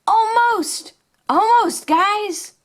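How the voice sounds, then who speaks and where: Eager young male puppy, as a woman puts him on, high and excited, for a toy play video. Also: drawn-out words, full character voice.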